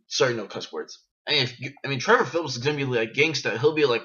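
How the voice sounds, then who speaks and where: A man rambling excitedly while reviewing video games in a casual vlog, in a dull, lo-fi recording. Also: medium pitch, quick pace, few pauses. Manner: rambling, excitable, frequent restarts.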